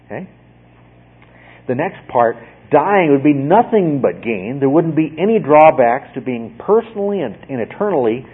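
A man with a somewhat husky voice preaches a teaching sermon, walking his listeners through a point and pausing to check in with a questioning "okay?". The sound is thin and tinny, like a radio broadcast heard over a phone line. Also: medium pitch. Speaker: pastor.

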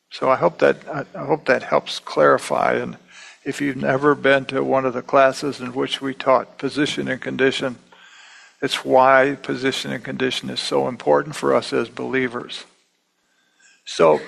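A man's voice: mid-range voice, creaky, a bit bright, low-quality recording. A middle-aged man teaching a Bible class in a conversational way, repeating himself and acting out the quotes he reads. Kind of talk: sermon.

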